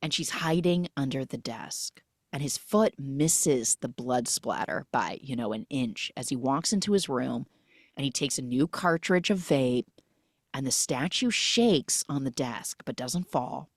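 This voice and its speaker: A woman hosting a podcast, recapping a film in a casual, animated storytelling way and acting out the characters' lines. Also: extremely low pitch, a little slow, dry recording, studio quality. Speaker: podcast host.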